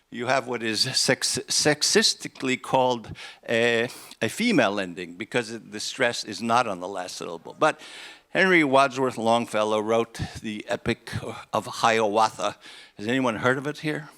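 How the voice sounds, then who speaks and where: An older man from Estonia gives a keynote in a conference hall. His pitch sits in the ordinary middle range, and his delivery is loose and wry, full of self-corrections and asides. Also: normal speed, fairly bright tone. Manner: conversational and wry, with many restarts. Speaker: keynote speaker. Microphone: handheld microphone.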